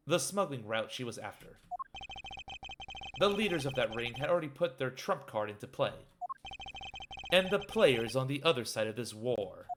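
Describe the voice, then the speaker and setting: A man's voice: medium pitch, noisy background, lightly acted. A man playing a formal, composed prosecutor. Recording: game music underneath.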